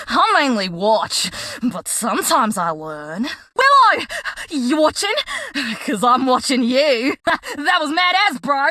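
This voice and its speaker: Alli, a cheeky Australian crocodile. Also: female voice, high-pitched, bright, forceful tone, no echo, heavily acted. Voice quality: exaggerated Australian slang and teasing laughs. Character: cheeky female crocodile assassin, playful and menacing. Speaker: game character. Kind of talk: game voice lines.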